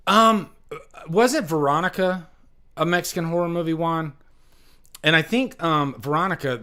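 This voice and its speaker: A man's voice: mid-range voice, a bit bright. Rambling man hosting a live stream. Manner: rambling, repeats himself, many fillers. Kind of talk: casual live stream chat. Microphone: webcam.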